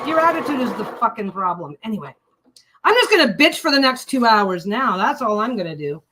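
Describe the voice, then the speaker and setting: A woman's voice: on the high side, very animated, a little fast, noisy background. A woman hosting a casual livestream while she sews, talking bluntly and swearing freely as she rants. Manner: blunt, profane, ranting. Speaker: livestream host. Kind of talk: casual chat while sewing.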